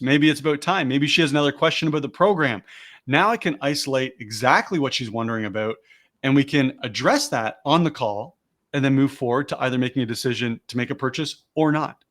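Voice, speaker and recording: A man's voice: mid-range voice, fairly quick, fairly bright tone. Man coaching sales in a live webinar. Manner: explains steps, then models the lines he teaches. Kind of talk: live online teaching.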